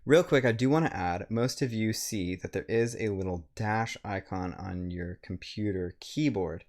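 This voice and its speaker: Man, writing center instructor, lowish voice, measured step-by-step grammar lecture. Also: darkish tone. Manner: measured, explains step by step, slows for example sentences.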